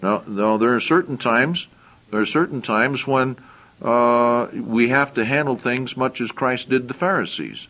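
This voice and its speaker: Male preacher, mid-pitched voice, reads scripture then chats through it, repeats himself while thinking aloud. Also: measured pace, fairly bright tone, rough recording. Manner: reads verses aloud, then explains in plain conversational asides. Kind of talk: sermon with scripture reading.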